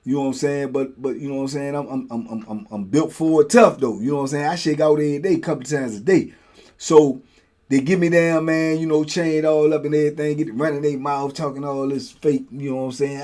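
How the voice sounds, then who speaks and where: Middle-aged guy telling a prison story, voice on the higher side, jumps up loud acting out the guards then goes low and quiet. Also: a little fast. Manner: animated, acts out guards and himself in loud high bursts; drops low and quiet for asides. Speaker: storyteller host.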